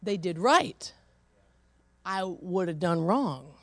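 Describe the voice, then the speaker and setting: An older woman, a grandmother, preaching a sermon full of personal stories, swinging between loud and hushed. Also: lowish voice, animated, slow pace, dry recording. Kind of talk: storytelling sermon.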